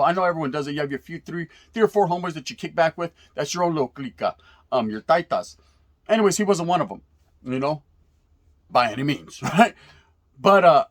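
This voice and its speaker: A man in his forties from California tells old street stories in a relaxed, slangy way, sprinkling in Spanish words and swearing freely. His voice sits a little higher than most men's. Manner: laid-back street slang with Spanish words mixed in, frequent profanity and "right?" tags. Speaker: storyteller recalling youth prison days. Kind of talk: casual storytelling.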